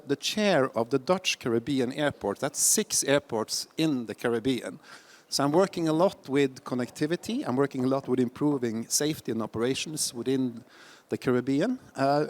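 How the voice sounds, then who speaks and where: A man speaks on a conference panel, easygoing and friendly. His voice is a touch higher than most men's. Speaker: airport chief executive, panelist.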